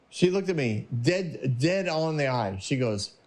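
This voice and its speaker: A man's voice: mid-range voice, animated, normal speed, hardly any pauses, a little mellow. A man hosting his own podcast, telling a personal story in a casual, cheerful way, laughing often and acting out the people he quotes. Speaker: podcast host.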